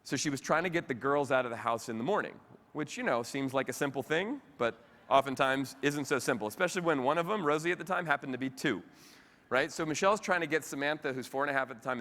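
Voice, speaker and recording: A man giving a lively motivational keynote talk, chatting directly with the audience at a convention. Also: medium pitch. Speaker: keynote speaker. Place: convention hall with live audience. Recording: reverberant convention hall.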